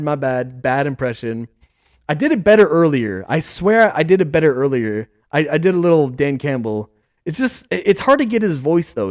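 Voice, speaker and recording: A young man hosting a casual sports podcast, rambling excitedly with lots of fillers. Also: medium pitch, no echo, studio quality. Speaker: podcast host.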